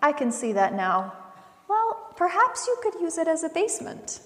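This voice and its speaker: A woman's voice: sing-song, moderate pace, slight background noise, exaggerated voice. A woman voicing a small, chirpy, helpful chipmunk in a storybook read aloud. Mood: eager. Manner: bright, squeaky, eager storybook voice. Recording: long church reverb.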